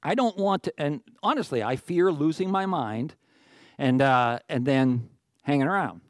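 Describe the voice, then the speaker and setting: Animated preacher with a dry sound. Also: male voice, on the high side, normal speed, dry recording. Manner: animated, jokey asides, acts out quoted voices. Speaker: pastor. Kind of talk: sermon.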